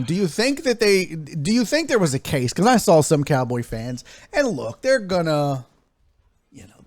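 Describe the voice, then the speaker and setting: High-voiced joking sports talk host. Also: male voice, a little mellow. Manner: joking, rambling, drifts into bits.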